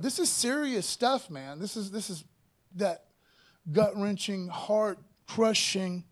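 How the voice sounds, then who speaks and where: High-voiced pastor preaching casually. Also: male voice, a little slow. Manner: casual preaching with "man" and "you know" asides; reads scripture louder and higher. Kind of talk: sermon.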